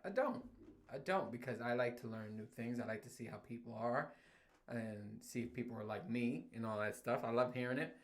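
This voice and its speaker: A man's voice: medium pitch, fairly quick. Profane, laughing man ranting casually. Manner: profane, animated storytelling with frequent laughs. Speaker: podcast host. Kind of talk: casual solo rant.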